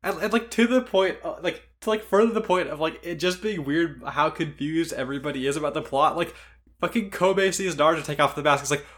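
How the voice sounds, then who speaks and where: A man's voice: fairly high pitch, a little fast, a bit bright. A man co-hosting a podcast in casual chat, rambling with constant "like"s and frequent swearing. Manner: rambling, heavy use of "like", swears often. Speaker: podcast co-host.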